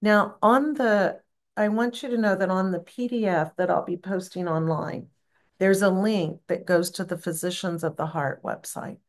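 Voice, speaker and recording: A woman teaching a gentle devotional practice, explaining sacred words and leading the group in a repeated chant. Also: medium pitch, steady tone. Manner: gentle, unhurried, encouraging. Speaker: spiritual teacher.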